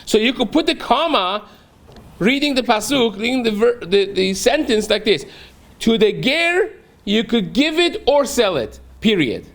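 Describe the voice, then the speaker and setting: A man's voice: very high voice, very animated, a little slow, fairly bright tone. A man, a rabbi teaching a daily Talmud class, who reads a phrase aloud, then explains it step by step and keeps checking in with a rhetorical "right?".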